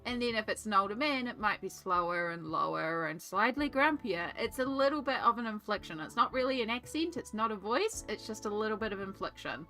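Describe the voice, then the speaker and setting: A woman's voice: mid-range voice, lively intonation, fairly quick, hardly any pauses, bright, forceful tone, soft background music. A young woman streaming from her art desk, chatting casually and thinking aloud while she colours, with rambling asides. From Australia. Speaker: artist and streamer.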